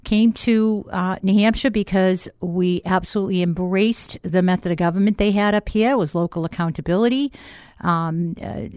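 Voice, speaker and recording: A woman's voice: on the low side, a little mellow, clean tone, dry recording, studio quality. A middle-aged woman from Boston with a Boston accent, talking chattily as a guest on a radio interview show. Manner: chatty, self-deprecating, laughs easily. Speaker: school board candidate guest. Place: radio studio.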